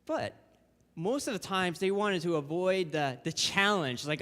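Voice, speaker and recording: A young man gives a relaxed, chatty sermon, his voice sitting fairly high. He talks like he's chatting with friends and slips into little acted-out quotes. A long reverb from the church sanctuary trails behind him. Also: a little slow. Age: young adult. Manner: casual and conversational, acting out quotes. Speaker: guest preacher. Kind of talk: informal sermon.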